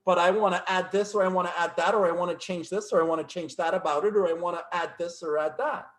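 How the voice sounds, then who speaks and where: A man speaks as a life coach, his voice sitting a touch higher than most men's. He talks in emphatic, repeated affirmations, as if driving a point home. He is heard over a video call. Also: fairly even intonation, quick pace, fairly bright tone. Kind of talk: casual coaching conversation.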